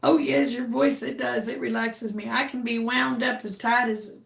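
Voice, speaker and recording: A woman's voice: a little high, fairly even intonation, normal speed, gravelly. A woman with a Southern drawl, chatting casually and effusively on a livestream from home. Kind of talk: casual chat. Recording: echoey room.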